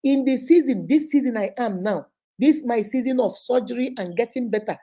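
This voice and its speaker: Nigerian lady teacher preaching life lessons on her channel, kinda high but mellow and husky. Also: moderate pace. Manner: animated, preachy, mixes in Igbo phrases. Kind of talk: motivational storytelling talk.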